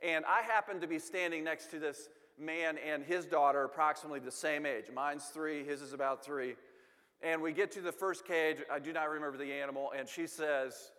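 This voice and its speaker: Male speaker, self-deprecating storyteller, slightly high voice, long hall reverb. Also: steady tone, normal speed, bright, forceful tone. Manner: humorous, self-deprecating, repeats words. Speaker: speaker telling a family story. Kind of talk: storytelling talk to an audience.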